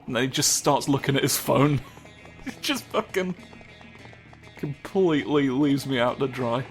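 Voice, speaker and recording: A man's voice: medium pitch, a little slow. A man giving casual, rambling commentary over his gameplay, joking and swearing often. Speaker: let's play host. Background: game music.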